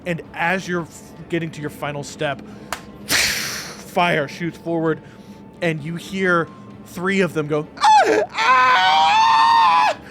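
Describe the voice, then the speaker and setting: A man's voice: a little high, steady tone, takes it slowly, loud music behind the voice. A man running a tabletop game as game master, narrating in a casual way with laughs and acted screams.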